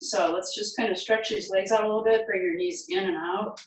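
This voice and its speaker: Woman fitness instructor, mid pitch, unhurried rep counting and cues, distant mic in a big echoing room. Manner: counts reps aloud and gives steady encouraging cues. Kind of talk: guided home workout instruction. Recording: very echoey room, mic far away.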